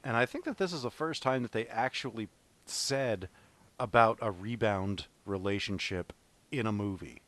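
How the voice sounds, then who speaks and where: Low-voiced man chatting on a podcast. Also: dry recording. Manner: relaxed, laughs often, halting restarts. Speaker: podcast co-host. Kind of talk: casual chat.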